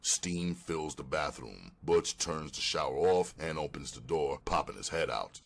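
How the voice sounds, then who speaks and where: A man narrating the stage directions of a screenplay in a slow, measured, flat delivery. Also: extremely low pitch, gravelly.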